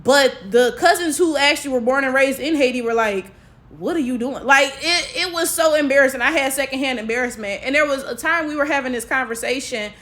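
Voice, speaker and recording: Sassy high-voiced African American woman. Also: fairly quick, few pauses, a bit bright. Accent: African American English. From United States. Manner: chatty, sassy, full of tags like "right?". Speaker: commentary vlogger. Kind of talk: casual opinion commentary.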